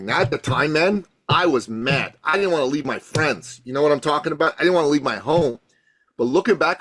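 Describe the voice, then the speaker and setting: A man guesting on a podcast as a coach, telling a story with passion and building to loud emphatic peaks. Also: medium pitch, no echo. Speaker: guest, coach and thought leader.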